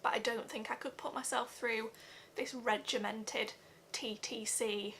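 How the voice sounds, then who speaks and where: A young woman records a heartfelt vlog update. Her voice is bright and lifted a little above the usual range for a woman. She speaks earnestly, pausing often and filling the gaps with soft ums. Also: fairly high pitch, steady tone, a little hiss or hum. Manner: earnest, halting, many fillers. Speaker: vlogger.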